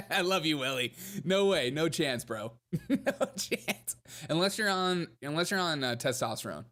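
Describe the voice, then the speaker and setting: A young man hosting a casual reaction show, with a slightly high voice. He mocks what he watches, laughs a lot and talks to his live chat. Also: lively intonation, a little slow, sharp tone. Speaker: commentary show host.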